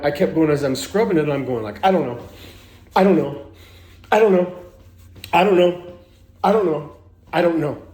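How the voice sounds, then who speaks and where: A man's voice: on the high side, a little mellow, reverberant. A man telling a personal story in a rambling way, with many restarts and self-corrections. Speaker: spiritual teacher.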